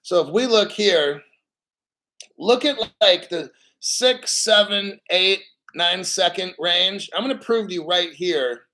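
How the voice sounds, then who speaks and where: A man's voice: high-pitched, slow pace, sharp tone, poor audio. A man hosting a crypto livestream, ranting with heated rhetorical questions and frequent swearing.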